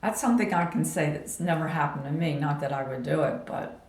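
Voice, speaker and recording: A woman vlogger telling a personal story in a slow, meandering way, laughing as she goes. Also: low-pitched, a little mellow, echoey room.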